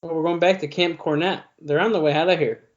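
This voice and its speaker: An easygoing man co-hosts a casual podcast, talking through the backstage segments in an offhand way. His voice sits a little above average in pitch. The recording is dull and lo-fi. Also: steady tone, quick pace. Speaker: podcast co-host. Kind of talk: casual watch-along chat.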